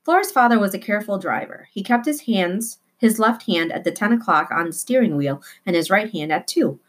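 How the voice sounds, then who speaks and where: A woman reading a children's novel aloud with expressive delivery, slowing down for emphasis. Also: mid-range voice. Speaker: reader.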